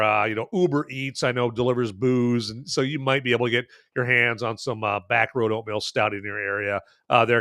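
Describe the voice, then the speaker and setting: A fairly bright, mid-range man's voice comes through clean studio audio with no echo. As host of an informal film and beer review show, he talks to camera with jokey enthusiasm, rambling, dropping lots of fillers and repeating tag phrases like "okay?".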